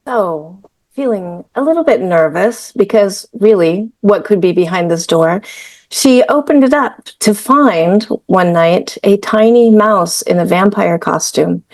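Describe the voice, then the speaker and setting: A woman's voice: mid-range voice, expressive, a little slow, darkish tone, dry recording. A woman author improvising a story, playful and detailed.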